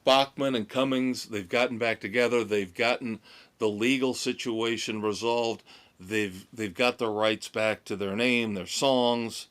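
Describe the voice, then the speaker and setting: An American man with a mid-range, fairly bright voice hosts a rock podcast. He gives a casual rundown of tour news, chatty and opinionated, drawing out his words.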